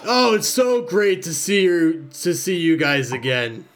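A man's voice: on the high side, very animated, a little slow, faint music behind. A man voicing a big, friendly male minotaur blacksmith who speaks in a hearty, plain-spoken way.

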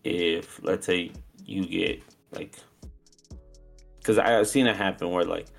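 This low-pitched, gravelly man speaks slowly with fairly even intonation, co-hosting a podcast live at a show venue. His casual talk wanders and hedges, packed with fillers, over faint background music.

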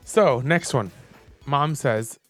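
A man's voice: mid-range voice, slow pace, dry recording, soft background music. Playful man reading texts aloud. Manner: playful, animated, laughs often. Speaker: podcast co-host. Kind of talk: casual chat reading funny texts aloud.

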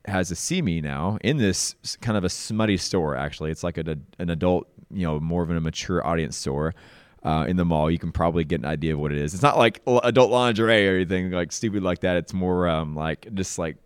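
Deep-voiced man telling a story casually. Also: fairly quick, smooth, no room sound, clean studio sound. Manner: laid-back, self-mocking, says "dude" a lot. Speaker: podcast host sharing his testimony.

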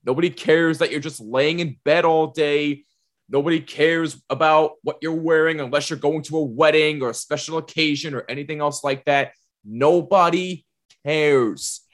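A man's voice: a little high, steady tone, normal speed, fairly bright tone. A man co-hosting a podcast in casual chat, emphatic and repeating his points. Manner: emphatic, repeats himself, laughs often. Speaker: podcast co-host.

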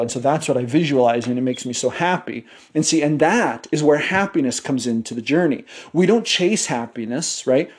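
A man's voice: mid-range voice, animated, normal speed, few pauses. A man hosting a podcast, giving a blunt motivational monologue full of swearing, fillers and restarts. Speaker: podcast host.

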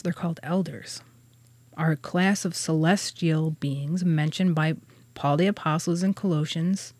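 A woman's voice: on the low side, darkish tone, no room sound. A woman co-hosting a podcast, casually explaining old religious texts, laughing often and stumbling over words. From Catholic churchgoer. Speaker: podcast co-host explaining angel hierarchy.

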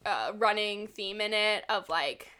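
A woman co-hosting a podcast, recapping a book in casual chat, with lots of "like", quick laughs and casual swearing. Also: medium pitch, bright, forceful tone, clear, resonant tone. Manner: retells scenes with lots of "like" and acted quotes. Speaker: podcast co-host.

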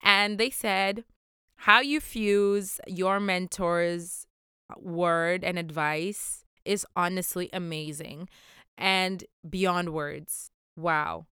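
A woman's voice: fairly low pitch, fairly even intonation, extremely slow, pushed and bright, clear, resonant tone, no room sound, studio quality. A young woman hosting a motivational solo podcast, upbeat, playful and affectionate as she encourages her listeners. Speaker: podcast host.

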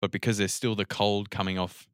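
A man co-hosting a podcast, relaxed and joking, musing at length in casual chat. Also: on the low side, brisk, clear, resonant tone, no room sound, clean studio sound. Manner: relaxed, joking, rambling explanations. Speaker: podcast co-host.

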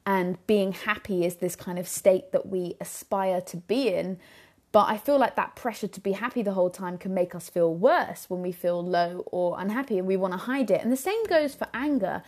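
A woman's voice: mid-range voice, normal speed, a little mellow. A young adult woman talking earnestly on her own podcast about parenthood, reflective and full of "you know"s, into a microphone. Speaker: podcast host. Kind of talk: solo podcast talk.

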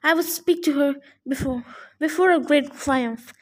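A woman's voice: high-pitched, measured pace. A woman voicing an arrogant young male villain who gives orders and mocks his enemy. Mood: cold commanding. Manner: ordering, mocking.

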